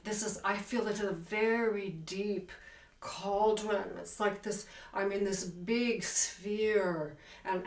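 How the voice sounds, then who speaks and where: A woman teaching a piano piece, counting beats and singing phrases aloud with enthusiasm. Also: medium pitch. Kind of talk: piano tutorial talk. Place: room with a piano. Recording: roomy sound from a distant mic, with loud piano. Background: piano playing.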